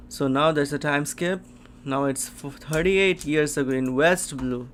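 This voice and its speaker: Guy doing a live comic reaction, slow and unhurried, lots of gasps and oh my goshes. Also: on the high side, a little hiss or hum. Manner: gasps and exclaims, thinking aloud as he reads. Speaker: manga reaction host. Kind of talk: live reaction, reading a chapter aloud.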